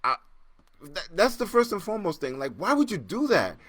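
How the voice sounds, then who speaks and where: A man hosting a casual solo podcast, joking and laughing as he reacts to listener comments, jumping between loud excited bursts and low muttering. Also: brisk, no echo. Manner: animated, joking, laughs often, repeats himself. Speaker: podcast host.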